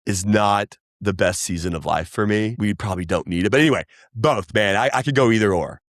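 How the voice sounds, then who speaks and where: A man, chatting casually as a podcast guest, rambling and animated. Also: fairly low pitch, fairly quick, no room sound, studio quality. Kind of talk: casual chat.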